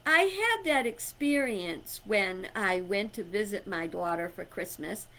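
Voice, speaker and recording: A woman's voice: mid-range voice, expressive, unhurried, a bit bright. A middle-aged woman giving an inspirational talk, emphatic and conversational, telling personal stories and chuckling. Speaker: spiritual speaker.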